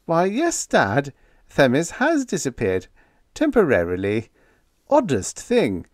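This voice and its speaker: A man voicing a gentle, nonchalant young male genius pilot who drawls blandly. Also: a little high, wildly swooping pitch, takes it slowly, no echo, studio quality, pitched above the performer's own voice, exaggerated voice.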